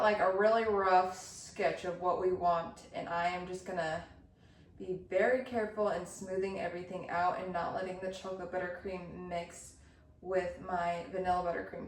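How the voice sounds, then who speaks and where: A woman's voice: lowish voice, level tone, normal speed, a little hiss or hum. A woman vlogging as she bakes, talking casually with a chatty, self-deprecating humor. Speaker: baking vlogger. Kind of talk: casual chat while baking. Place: cold kitchen. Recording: roomy, from a distance.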